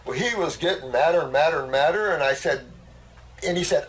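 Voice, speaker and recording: A man's voice: a little high, quick pace, low-quality recording. An older man hosting a casual talk, a blunt and boastful storyteller. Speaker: host. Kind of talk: casual conversation.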